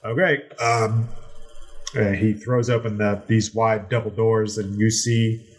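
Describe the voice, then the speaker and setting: A man narrating a tabletop role-play game as game master, describing scenes in an unhurried way with many fillers. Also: lowish voice, little pitch movement, darkish tone, a little hiss or hum.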